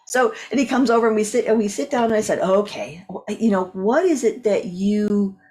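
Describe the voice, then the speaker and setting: A woman coach and speaker, guest on an interview show, telling a story with lively acted-out dialogue. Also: mid-range voice, normal speed. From California. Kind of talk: animated storytelling in conversation.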